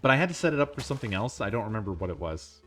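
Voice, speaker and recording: A man's voice: fairly low pitch, big pitch swings, very fast, a bit bright, soft background music. A man streaming a game, chatting casually, laughing often, swearing and rambling. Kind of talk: casual gameplay stream chat.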